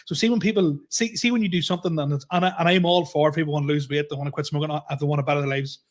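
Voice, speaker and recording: A man's voice: a little high, steady tone, very fast. Laughing man in his thirties ranting. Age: 30s. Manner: laughs often, repeats himself, swears freely. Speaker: comedian podcast co-host. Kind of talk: casual podcast rant.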